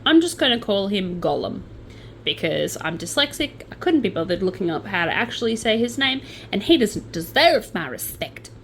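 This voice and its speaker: Chatty Australian woman with lively pitch. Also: moderate pace, a little hiss or hum, poor audio. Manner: chatty and sardonic, with playful asides. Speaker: true crime channel host. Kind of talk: casual storytelling chat.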